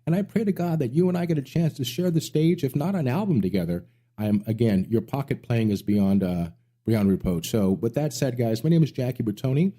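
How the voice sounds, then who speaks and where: A man's voice: mid-range voice, expressive, a little fast, mellow. A middle-aged man hosting a music radio show, telling rambling stories with enthusiasm. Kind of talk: casual interview chat.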